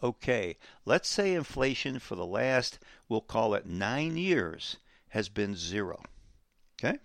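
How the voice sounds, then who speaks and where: A man hosting a financial talk show, explaining economics emphatically and repeating key words slowly for effect. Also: lowish voice, big pitch swings, vocal fry, a bit bright, no echo, studio quality.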